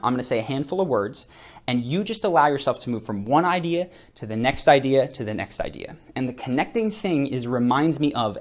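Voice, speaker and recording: Encouraging male course instructor. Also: mid-range voice. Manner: direct and encouraging, talks straight to the viewer. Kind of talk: recorded online lesson.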